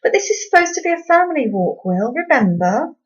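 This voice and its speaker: Brief: woman voicing a fussy, high-pitched, chirpy mum in a storybook reading, lo-fi sound. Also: big pitch swings, brisk. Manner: high-pitched, bright and overly cheerful. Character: fussy upbeat mother, middle-aged woman.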